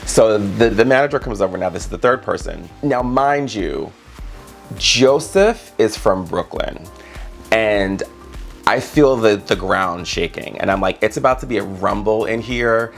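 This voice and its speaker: A man's voice: fairly low pitch, creaky. A man vlogging a storytime, animatedly acting out the voices of the people in it. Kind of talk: storytime vlog.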